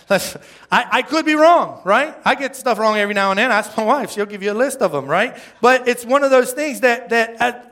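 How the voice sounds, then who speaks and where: Male pastor, high bright voice, chatty self-deprecating sermon to the crowd. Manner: conversational, self-deprecating, asks the crowd "right?". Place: church service before a congregation.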